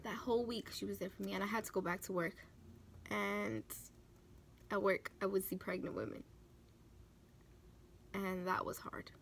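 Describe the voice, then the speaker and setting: A young woman talking through her tears while doing her makeup on camera, halting and restarting often. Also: medium pitch, creaky, slight background noise. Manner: tearful, halting, many restarts and fillers. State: close to tears. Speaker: beauty vlogger. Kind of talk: emotional talk during a makeup tutorial.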